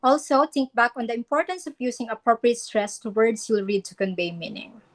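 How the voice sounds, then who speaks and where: Woman, class teacher, somewhat high voice, instructive, models words by saying them twice. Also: animated, a little fast. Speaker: English teacher. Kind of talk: classroom lesson on poem reading and pronunciation.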